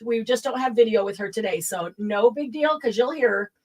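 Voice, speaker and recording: Chatty higher-voiced woman hosting a livestream. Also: a little fast, a little mellow, low-quality recording. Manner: chatty, laughs often, greets viewers by name. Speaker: host of a craft livestream. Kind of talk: casual livestream chat.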